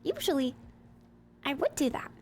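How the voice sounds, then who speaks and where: Lively high-voiced woman streamer. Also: normal speed, slight background noise. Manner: chatty, thinks aloud, playful. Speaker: live streamer. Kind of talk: casual livestream commentary while building in a game.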